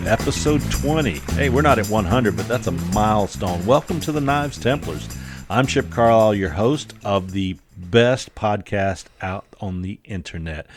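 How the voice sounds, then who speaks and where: A man hosts a loose, joking podcast chat, full of "uh" and "I tell you what." His voice sits a little low and sounds dry and close. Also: no room sound. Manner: folksy, joking, many fillers. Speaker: podcast host.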